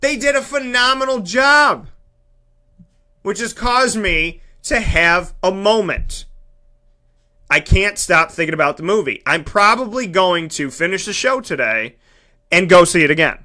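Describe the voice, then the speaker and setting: A man hosting a radio show, talking in an animated, emphatic monologue and acting out the voices he quotes. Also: high voice, a little slow. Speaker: radio host and broadcaster. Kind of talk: energetic monologue.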